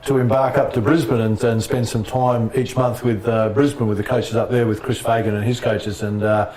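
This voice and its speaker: A middle-aged Australian man and former basketball player, telling lively anecdotes in a casual interview and laughing often. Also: mid-range voice, normal speed, roomy sound, recorded from a distance.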